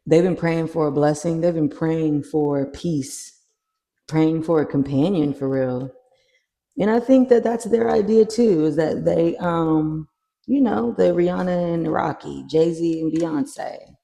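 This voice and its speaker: A tarot reader chatting casually through a card reading, animated and swearing freely. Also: medium pitch, slow, creaky. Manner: animated, swears freely, acts out little scenes.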